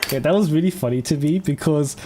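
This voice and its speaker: A man's voice: on the high side, fast. A man, the host, commenting casually on event footage, chuckling often and rambling with restarts. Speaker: channel host. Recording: loud event crowd and noise behind.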